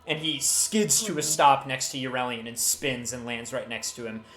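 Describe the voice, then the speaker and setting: A man running a tabletop game as game master, telling the scene with lively restarts. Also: mid-range voice, normal speed, roomy sound, a little hiss or hum. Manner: lively storytelling with many restarts.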